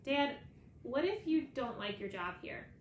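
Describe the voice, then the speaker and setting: A woman's voice: sits high, sing-song, a little slow, slight background noise, pitched above the performer's own voice. A woman reading aloud voices a moody, homesick boy, with a slightly raised, eager kid voice in a roomy space.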